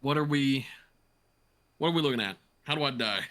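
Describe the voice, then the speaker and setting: Man, tabletop game player, bright tense voice, casual jokey banter, laughs a lot. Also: medium pitch, a little fast. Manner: laughs often, jokey, swears.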